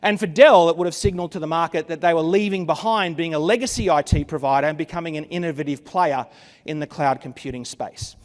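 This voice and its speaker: A fairly high-pitched man talks fast in a large hall. He's giving the keynote at a conference venue, spinning a dramatic story with wry asides into the stage microphone.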